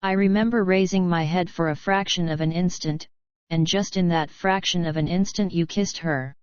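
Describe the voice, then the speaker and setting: A woman's voice: lowish voice, steady tone, normal speed, darkish tone, clear, resonant tone, no echo, highs cut off, lightly acted. A woman reading the lines of a moody young male prince in an audiobook, careless and brooding in manner. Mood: probing. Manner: careless, cross, fearful.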